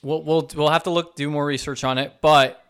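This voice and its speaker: A man's voice: a little high, steady tone, a little fast, fairly bright tone, clear, resonant tone, dry recording. A man co-hosting a casual gaming news podcast, chatty and upbeat. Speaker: podcast co-host.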